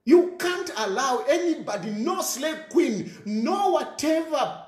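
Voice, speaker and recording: Ranting Zambian man with a high voice. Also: lively intonation, slow, a little mellow, roomy sound. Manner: ranting, scornful, repeats phrases, mixes in local words. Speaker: commentator. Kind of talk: impassioned monologue.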